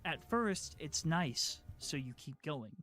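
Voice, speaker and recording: A man narrates a video essay from a script, earnest and measured in his storytelling. His voice sits high and moves through a very wide, lively pitch range. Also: faint music behind.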